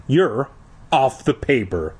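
A man's voice: big pitch swings, takes it slowly, a little mellow, slightly rough, full character voice. A man voicing a bossy schoolgirl who shrieks and scolds angrily. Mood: furious. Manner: shrill, scolding.

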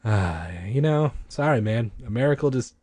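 A man's voice: medium pitch, animated, moderate pace, darkish tone, breathy edge. A man reading a children's horror book aloud, breaking off for playful, self-mocking asides and swearing. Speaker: reader.

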